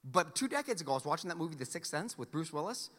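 A man preaching a sermon as pastor, telling stories in an animated, playful rant. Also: on the high side, racing. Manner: animated storyteller, playful ranting. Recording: long hall reverb.

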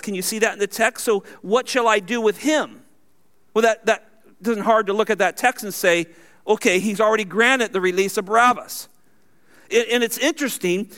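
In his sermon, a male pastor with a strikingly high voice reads from scripture, alternating between loud, emphatic passages and soft, quiet asides.

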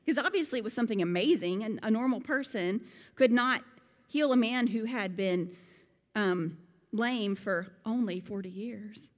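A woman giving a Bible lesson, animated and fond of rhetorical questions. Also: fairly high pitch, moderate pace, big-room sound. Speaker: Bible teacher. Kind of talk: sermon-style Bible lesson.

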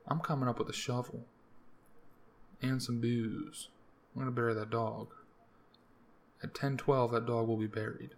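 A young man from the US East Coast hosting a podcast alone, rambling through profane, jokey rants with sudden jumps in pitch. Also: flat delivery, moderate pace, long pauses. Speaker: podcast host. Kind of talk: casual solo rambling monologue.

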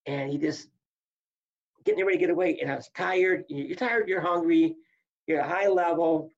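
Over a muffled recording, a man who once wrestled swaps casual stories, animatedly acting out the quotes. His voice runs a little high and a little fast, with a creaky quality.

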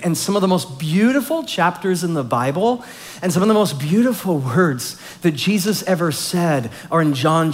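Casual, animated man preaching a sermon. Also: a little high. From Southern California. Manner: conversational, animated storytelling with fillers. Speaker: pastor.

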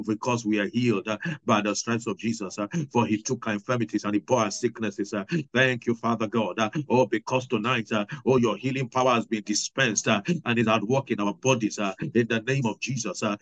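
A man, a pastor, leading prayer and thanksgiving, speaking in tongues, with many halting filler sounds. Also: on the low side, steady tone, no echo, rough recording.

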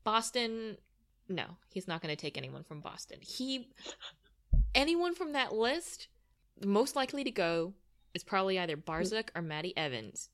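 A woman's voice: medium pitch, big pitch swings, moderate pace, a bit bright. A woman co-hosting a soccer podcast, talking through rosters in a casual, analytical way with dry teasing asides. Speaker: podcast co-host.

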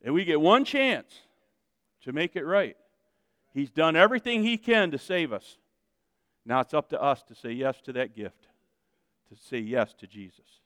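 A male pastor preaching a sermon with lots of energy, moving between loud shouted calls and quiet asides to the congregation. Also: a little high, sing-song, normal speed, pauses often, no echo, clean studio sound, big-room sound. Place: church sanctuary with congregation.

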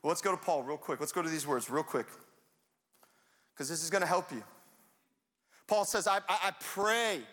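A young man preaching a sermon in a lively, conversational way, now and then rising to a shout. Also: fairly high pitch, normal speed, pauses often. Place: church sanctuary. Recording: long hall reverb.

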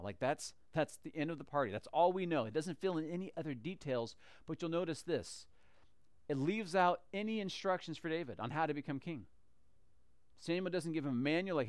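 A man's voice: a little high, animated, a little fast, no echo. A man teaching a Bible story in a casual, conversational way, acting out the characters as he goes. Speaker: church teacher.

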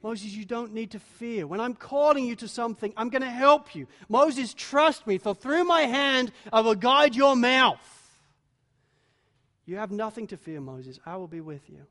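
A man voicing God as calm and reassuring, speaking slowly and softly within a sermon. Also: very high-pitched, full character voice. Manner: slow, soft, reassuring.

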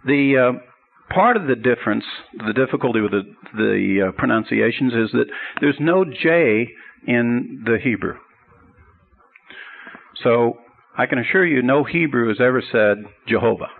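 Gravelly male Bible teacher on tinny radio. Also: mid-range voice, expressive, a little slow. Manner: earnest, explanatory, builds up to a told joke. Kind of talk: teaching sermon.

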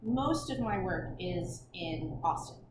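A woman's voice: fairly low pitch, animated, slow, far from the mic. A woman, a painter guest on a podcast, talking in an easygoing, agreeable way. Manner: easygoing, brief agreeable replies. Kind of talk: casual podcast conversation. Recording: echoey room, off-mic, with clear noise.

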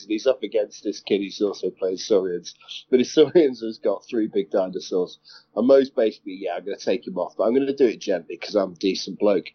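A man's voice: lowish voice, slightly rough. A man, co-hosting a casual podcast chat, telling a story with lots of laughter and the odd swear word. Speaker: podcast co-host. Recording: dull lo-fi sound.

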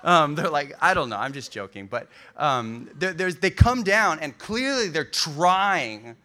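A man preaching a sermon, reading scripture aloud and then riffing on it in a casual, animated way, with laughter and many fillers. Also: a little high, measured pace. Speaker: pastor.

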